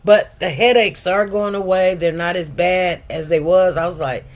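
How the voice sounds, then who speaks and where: A woman's voice: fairly low pitch, fairly even intonation, normal speed. Chatty rambling woman in her fifties. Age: 50s. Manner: rambling, chatty, with frequent restarts and laughter. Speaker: livestream host. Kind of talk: casual chat with viewers.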